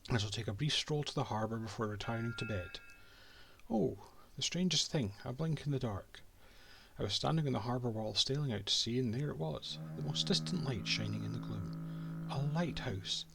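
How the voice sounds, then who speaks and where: A man's voice: medium pitch, animated, normal speed, creaky, a bit bright, a little hiss or hum. A Scottish man reading as a pompous cartographer. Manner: pompous, old-fashioned diary prose. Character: haughty male Scottish cartographer writing his diary. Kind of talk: reading a game diary aloud.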